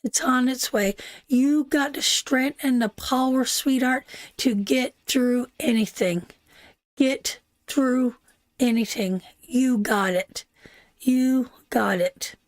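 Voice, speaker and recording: Slow, soothing woman reading tarot. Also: high voice, no room sound. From Canada. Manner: soothing, repeats "sweetheart", reads chat aloud. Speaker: tarot reader. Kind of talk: live-stream tarot reading.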